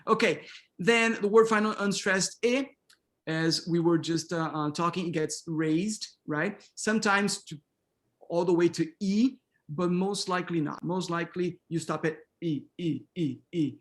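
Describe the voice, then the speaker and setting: His voice high and his manner unhurried, a middle-aged man leads an online pronunciation workshop by video call. He calls on students, echoes words back and affirms them frequently.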